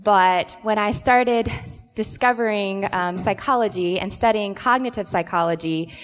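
A woman counselor sharing a personal story with earnest, reflective warmth on a church panel. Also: mid-range voice, moderate pace, long reverb tail, soft background music.

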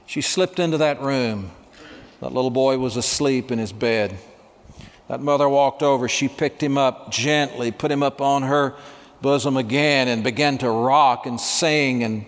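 A man preaching a sermon, telling a story with dramatic pauses and dropping to a hush at emotional moments. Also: mid-range voice, long reverb tail. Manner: dramatic, hushed at emotional moments, acts out dialogue.

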